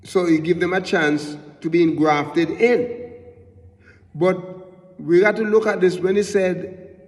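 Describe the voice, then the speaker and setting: A high-voiced man teaches a Bible lesson in sermon style, halting and often repeating himself as he explains what a word means. His voice trails off into a long reverb tail.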